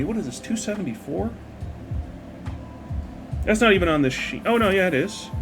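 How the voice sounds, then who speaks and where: A man with a high-pitched, animated voice chats casually while building a model, retelling a parable. At a moderate pace with frequent pauses and a slightly bright tone, he rambles, swears freely and loses his thread as the build distracts him, with soft music in the background.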